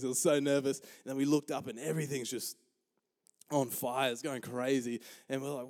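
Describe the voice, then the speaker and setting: A man's voice: medium pitch, a little fast. A young man preaching in church, telling a funny story with lots of energy, acting out the voices and laughing as he goes. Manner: animated, acts out quotes, laughs often. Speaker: pastor. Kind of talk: storytelling sermon. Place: church auditorium.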